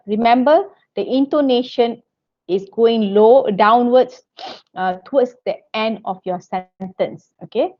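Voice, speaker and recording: A woman giving an online lecture, checking in with "okay" and "all right" all the time and often restarting her sentences. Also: medium pitch. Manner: non-native phrasing, frequent restarts. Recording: dull lo-fi audio.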